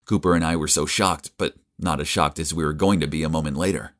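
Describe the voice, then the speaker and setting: A young man giving earnest, emotive first-person narration for an animated story. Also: rumbling low, fast talker.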